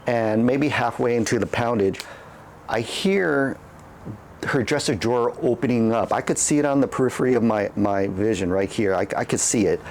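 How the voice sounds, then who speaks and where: A man's voice: medium pitch, slight background noise. Man, casual storyteller, candid and rambling, mid-range voice. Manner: rambling, candid, with repeated words and restarts. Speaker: channel host.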